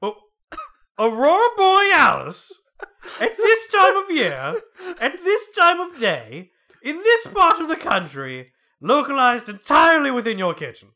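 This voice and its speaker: A fussy, nervous school principal, as a man puts him on, with a pitched-up, strained voice that swings widely. The sound is bright and forceful. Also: huge pitch swings, unhurried, exaggerated voice. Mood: panicked.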